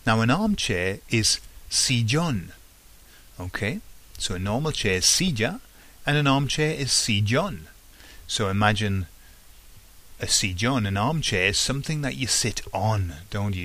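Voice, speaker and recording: A man's voice: fairly low pitch, animated, unhurried, bright, forceful tone. A man teaching a podcast vocabulary lesson, patiently repeating each word and often checking in with "okay?". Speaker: language teacher.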